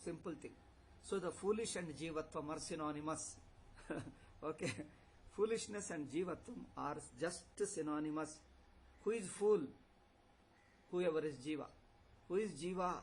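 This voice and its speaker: A man teaches a scripture class as a swami. His voice sits high, and he drives his points home with rhetorical questions and repetition. A faint hiss of noise sits under the recording. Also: moderate pace, long pauses, poor audio. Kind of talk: philosophy lecture.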